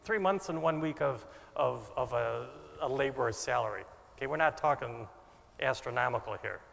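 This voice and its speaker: Gravelly preacher in a reverberant hall. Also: male voice, mid-range voice, moderate pace. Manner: dramatic, shifts between loud bursts and soft asides. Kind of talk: sermon.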